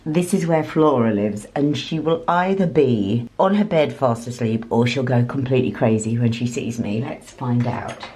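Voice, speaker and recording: A woman, a vlogger and radio host, chatting eagerly with quick reactions in a casual vlog. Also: rumbling low, mellow, a little hiss or hum.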